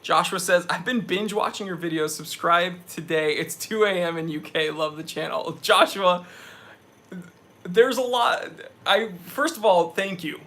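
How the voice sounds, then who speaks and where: A man's voice: high-pitched, unhurried, pushed and bright. A young man hosting a casual live stream, sweaty after a hike, talking with energy as he reads out viewers' chat messages.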